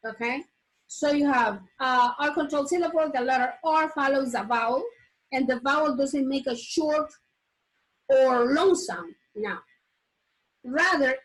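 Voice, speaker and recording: A woman's voice: high voice, low-quality recording. A woman teaching an online English class, explaining patiently with fillers and repeated words.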